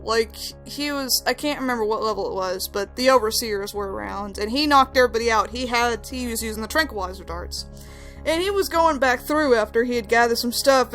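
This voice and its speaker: A young woman chats about a video game, her voice sitting a little high and jumping up when she gets worked up over a story. Faint background music plays under her. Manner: animated storyteller, rising to high exclamations. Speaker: host. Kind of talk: casual game discussion.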